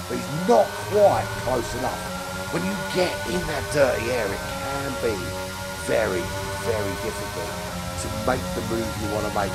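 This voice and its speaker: A man's voice: mid-range voice, vocal fry. A man doing chatty commentary on an online sim race, with many fillers. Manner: chatty, fillers, rises to excited calls on overtakes. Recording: music bed under the voice.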